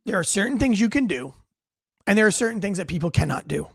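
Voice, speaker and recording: Man, high voice, blunt, profane, ranting, dry close sound. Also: lively intonation, fast, slightly rough, no room sound. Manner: blunt, profane, wisecracking, reads chat aloud. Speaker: livestream show host and military veteran. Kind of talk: unscripted ranting commentary.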